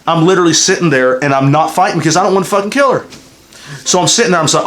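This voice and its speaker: Talking very fast in a somewhat high, slightly bright voice, a man with a Southern US accent hosts a casual game review. The unscripted chat is rambling and emotional, loaded with constant profanity.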